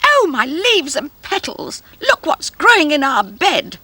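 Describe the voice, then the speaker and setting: A woman voicing shrill snooty garden lilies. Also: wildly swooping pitch, a little slow, bright, forceful tone, no echo, exaggerated voice. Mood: haughty. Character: haughty proud female garden lilies.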